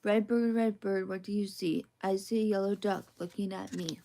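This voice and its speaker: A woman reading children's picture books aloud as soft ASMR bedtime reading, in a gentle, sing-song rhythm. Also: mid-range voice, fairly even intonation, normal speed, a little hiss or hum.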